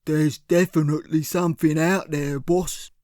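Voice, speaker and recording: Man doing a big dim henchman, slow rough drawl, distinct voice, dry audiobook. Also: fairly high pitch, steady tone, a little mellow, dry recording, close to an everyday voice. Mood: plodding. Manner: slow, rough, says boss.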